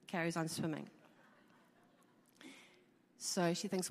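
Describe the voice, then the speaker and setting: A woman's voice: on the low side, slow pace, pauses often. A woman giving an informal talk to a live audience, conversational and chatty, with frequent ums and repeated words. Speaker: speaker. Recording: long reverb of a large hall.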